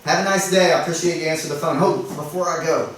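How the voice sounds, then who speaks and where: A man's voice: a little high, steady tone, fast talker, a bit bright. Realtor guy chatting to a workshop group, acts out little doorstep dialogues, sounds far off in a really echoey room. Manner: chatty and self-deprecating, acts out doorstep dialogues, often asks "right?". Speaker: realtor sharing tips at a workshop. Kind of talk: casual workshop talk to a small group. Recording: echoey room, speaker far from the mic, faint noise.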